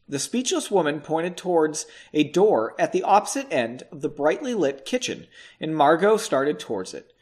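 A man's voice: fairly high pitch, big pitch swings, moderate pace. A man reading a novel chapter aloud, with casual asides in between. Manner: chatty asides, swears and laughs between passages. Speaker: audiobook reader.

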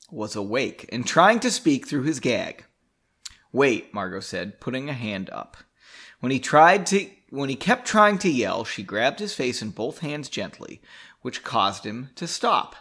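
A man's voice: mid-range voice, a bit bright, breathy edge. Chatty, self-mocking male storyteller. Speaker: author reading his own story. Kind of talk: casual storytelling with rambling commentary.

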